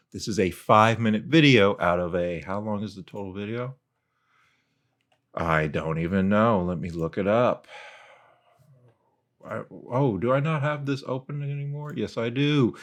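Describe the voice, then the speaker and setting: A man's voice: fairly low pitch, a bit bright. A man giving casual comedic commentary, talking in a playful, mocking way while he parodies an exaggerated sing-song script-reading tone. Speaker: video commentator.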